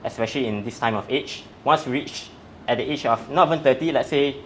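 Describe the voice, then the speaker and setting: A man's voice: mid-range voice, a little fast, fairly bright tone, a little hiss or hum. A man, a strength coach, explaining in an interview in a methodical, step-by-step way. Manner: methodical, breaks facts down step by step.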